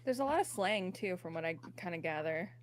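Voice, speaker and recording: A woman chatting casually on a podcast, animated and sarcastic, with many fillers. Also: fairly low pitch, fairly quick, no echo. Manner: animated, mocking impressions, filler-heavy. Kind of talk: casual chat.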